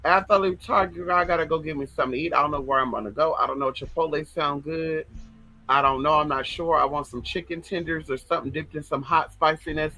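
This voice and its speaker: A man's voice: a little high, steady tone, quick pace, pushed and bright, soft background music, poor audio. Sassy flamboyant man chatting on stream. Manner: sassy, flamboyant, swears freely. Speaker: livestream host reading viewer comments. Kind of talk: casual chatty livestream.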